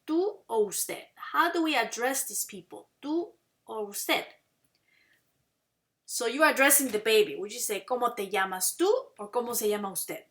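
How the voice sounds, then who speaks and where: A woman teaching a Spanish lesson in English, explaining patiently and saying Spanish phrases slowly and clearly for learners to repeat. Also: a little high, fairly bright tone. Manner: explains patiently, asks "okay?" and "right?" to check understanding. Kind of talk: classroom language lesson.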